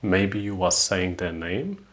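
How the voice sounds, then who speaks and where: A man with a very deep voice gives a scripted English lesson. He explains slowly and clearly, acting out short spoken examples. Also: animated, a bit bright. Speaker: English teacher.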